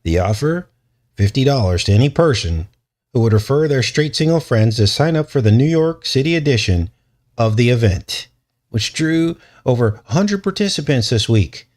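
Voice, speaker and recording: A man's voice: mid-range voice, animated, normal speed, darkish tone, lightly acted. A man putting on a silly, overblown male TV newscaster voice, reading a story in an exaggerated mock-serious way.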